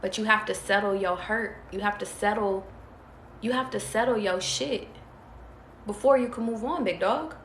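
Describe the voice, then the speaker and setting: Speaking at normal speed in a mid-range voice, this woman reads tarot and talks to viewers bluntly and with profanity, repeating herself to hammer points home. It's a casual spiritual pep talk, recorded in a roomy, echoey space with faint hiss.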